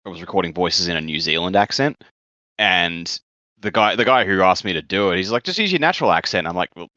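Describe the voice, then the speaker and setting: An Australian man with a very low voice but a sharp, bright edge, chatting casually on a podcast. He laughs at himself and swears in passing. The mic sounds dry and a little dull. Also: a little fast, no echo. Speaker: podcast co-host. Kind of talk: casual chat.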